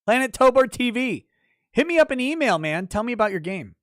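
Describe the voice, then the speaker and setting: A male livestream host rants in a loose, profane style, laughing between lines. His voice leaps up in sudden loud bursts, then drops back to a mutter. The sound is dry and close, with no room echo. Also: very high-pitched, very animated, fairly quick. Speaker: livestream host reading chat. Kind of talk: casual livestream chat.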